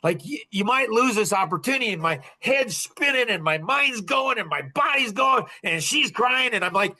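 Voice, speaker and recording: A man in his sixties hosting a podcast, telling a personal story in an animated way with laughs and acted-out lines of dialogue. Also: very high voice, moderate pace, few pauses. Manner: animated, laughing, acts out dialogue with bursts of excitement. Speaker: podcast host.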